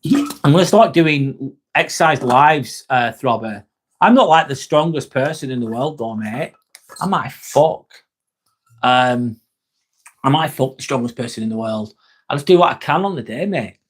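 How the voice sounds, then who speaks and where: A man hosts a casual livestream, talking straight to viewers as he reads and answers their chat messages, cracking jokes and swearing along the way. His mid-range voice is slightly rough, with lively intonation and an unhurried pace.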